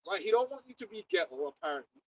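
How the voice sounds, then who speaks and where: High, gravelly young man, animated. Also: very fast, dry recording, poor audio. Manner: animated, slangy, laughing often. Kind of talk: casual chat.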